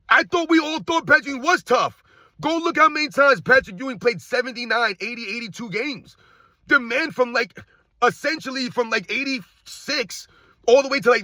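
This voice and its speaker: Very high-pitched yet husky, this man's bright, forceful voice carries his sports commentary rant, heated and repetitive, with exasperated rhetorical questions. There's no echo on the recording.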